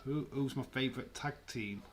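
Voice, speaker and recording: A man hosting a livestream, giving relaxed, chatty commentary and reactions while watching a match. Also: mid-range voice, moderate pace. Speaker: livestream host. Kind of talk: casual live match commentary.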